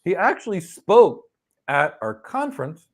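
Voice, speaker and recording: A man's voice: high-pitched, unhurried, vocal fry. A middle-aged man hosting a question and answer session, giving career advice and acting out little stories with quoted voices. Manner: animated storytelling, acts out quoted people. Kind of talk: live Q&A advice talk.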